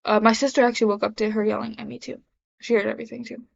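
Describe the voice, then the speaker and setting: A young woman rambles through a confessional vlog, her fairly high voice staying flat and level. She halts often, filling gaps and restarting her sentences. The sound is dull and lo-fi. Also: gravelly. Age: young adult. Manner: rambling, halting, many fillers and restarts. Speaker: vlogger.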